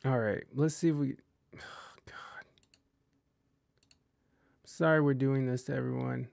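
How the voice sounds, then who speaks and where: A man's voice: mid-range voice, fairly even intonation, unhurried, gravelly, a little mellow, no room sound. This is a man hosting a casual podcast. He jokes and apologizes as things go wrong. His talk stays loose and self-deprecating. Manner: joking, flustered, self-deprecating. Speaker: podcast host. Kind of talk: casual chat.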